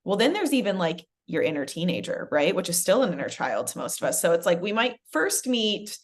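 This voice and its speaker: A woman's voice: on the low side, very animated, a little fast. A woman hosting a casual conversation, chatty, often adding "right" and "you know.". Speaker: podcast host.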